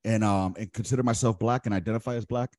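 A man's voice: fairly low pitch, fairly even intonation, fast, darkish tone, no echo. A man hosting a podcast, chatting casually in a blunt, profane, questioning way. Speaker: podcast host. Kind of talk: casual chat.

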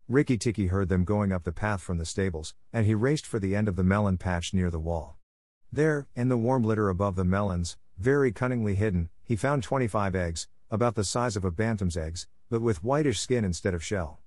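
A man narrating a classic story in a steady, clear reading for English learners. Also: on the low side, fairly quick, dry recording, studio quality. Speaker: audiobook narrator.

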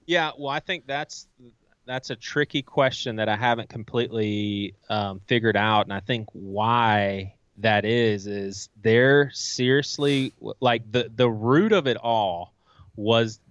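A man being interviewed, telling candid stories about his past in a casual, animated way and acting out what he once said to himself. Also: on the low side, slow pace, clean tone, no echo, dull audio. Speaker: guest author.

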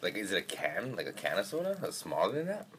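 Very deep-voiced joking man. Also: wildly swooping pitch, quick pace, a bit bright, slight background noise. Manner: joking, swears casually. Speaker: podcast host. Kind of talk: casual chat. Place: in a car.

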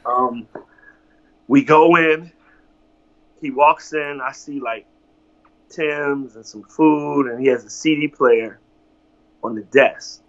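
A man's voice: medium pitch, slow, pauses often, highs cut off. A man from Virginia, a guest telling a story casually and with animation, swearing freely. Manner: animated, profane, acts out others' lines.

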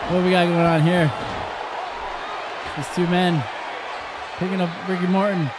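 A man streaming a wrestling video game, reacting loudly and swearing casually as he calls the moves. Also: sits high, flat delivery, unhurried, background noise. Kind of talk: excited gameplay commentary. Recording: game crowd and sound effects loud behind the voice. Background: loud wrestling game crowd and impacts.

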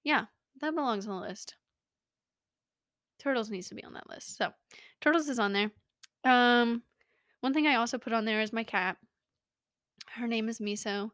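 A young woman hosts a casual podcast, her voice a touch higher than most. She rambles, jokes at her own expense and chats easily. The sound is close and dry, with no room in it. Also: fairly even intonation, normal speed, pauses often, fairly bright tone, no room sound. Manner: rambling, self-mocking, bubbly. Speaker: podcast host. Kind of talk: casual chat. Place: small home studio.

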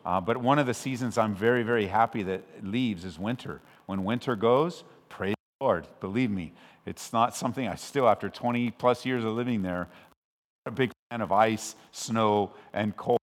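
A man from Southern California preaching a sermon as pastor, conversational with frequent restarts, swelling loud when he quotes scripture. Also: on the low side, moderate pace. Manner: conversational and self-interrupting, with restarts. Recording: long hall reverb.

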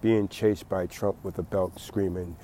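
A man's voice: low voice, fairly even intonation, measured pace, warm tone, slight background noise. A man giving a late-night rambling monologue, repeating words and laughing at his own jokes.

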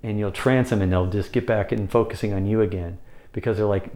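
An American sales or speaking coach talks to the camera, teaching how to hold an audience's attention. His voice is darkish and quick, his style conversational, and he often repeats phrases for emphasis. He demonstrates his point by abruptly shifting his pace and pitch.

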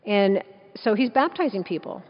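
A woman's voice: medium pitch, expressive, moderate pace. A woman preaching a sermon in an emphatic, conversational way, full of rhetorical questions, with a dull sound in a large echoing hall.

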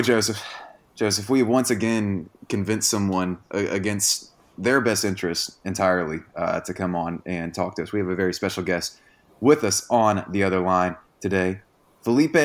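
A man's voice: fairly low pitch, moderate pace. A man hosting a casual sports podcast, joking and self-deprecating. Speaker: podcast host.

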